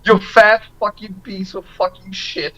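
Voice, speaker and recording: A man's voice: sits high, level tone, measured pace, a bit bright, low-quality recording. A man calling in to a show with a thick put-on accent, ranting in a profane, insulting, berating way. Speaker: caller. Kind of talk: phone-in rant.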